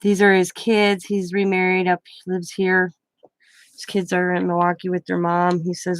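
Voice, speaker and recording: A woman's voice: fairly low pitch, flat delivery, normal speed, no echo. An older woman, a grandmother, chatting at home and rambling through a story with lots of self-corrections. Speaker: craft vlogger. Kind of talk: casual storytelling.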